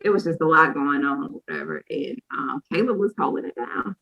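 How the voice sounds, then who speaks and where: A woman, co-hosting a casual chat and telling a lively personal story, acting out what people said. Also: low-pitched, brisk, creaky, highs cut off. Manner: lively storyteller who acts out quotes. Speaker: co-host sharing a personal story.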